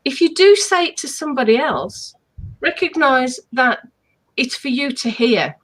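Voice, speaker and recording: A woman's voice: high voice, a little slow, poor audio. A woman co-hosting a self-help live stream, speaking in an emphatic, affirming way over a video call. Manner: emphatic, affirming, animated delivery.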